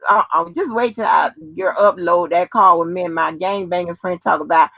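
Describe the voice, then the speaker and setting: A woman's voice: on the low side, moderate pace, dry recording. Brash slangy woman on a lo-fi stream. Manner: brash, slangy, swears freely. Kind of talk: casual chat.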